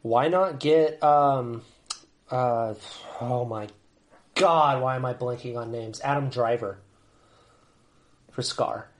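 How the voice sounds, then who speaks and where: A man's voice: mid-range voice, takes it slowly, pauses often. A man co-hosting a podcast in casual chat, often cutting in and restarting as he searches for names. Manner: talks over others, restarts and blanks on names. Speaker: podcast co-host.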